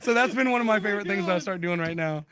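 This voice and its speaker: Fast, high-voiced man telling a story. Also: crowd noise. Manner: animated, acts out both sides of phone calls. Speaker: podcast co-host. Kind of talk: casual storytelling with friends.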